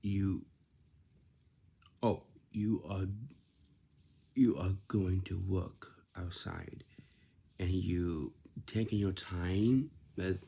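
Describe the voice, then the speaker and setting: A man's voice: deep voice, vocal fry, warm tone, a little hiss or hum. A man giving earnest, informal advice to his viewers, speaking to them directly and repeating his points. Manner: earnest, repetitive, instructing the listener directly. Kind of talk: informal explanatory talk.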